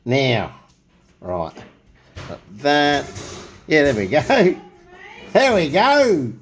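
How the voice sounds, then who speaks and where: A man's voice: on the high side, huge pitch swings, extremely slow, a little hiss or hum. A middle-aged man hosting a casual painting tutorial, chatting and joking as he works and humming nonsense tunes. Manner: chatty, jokey, hums nonsense tunes while working.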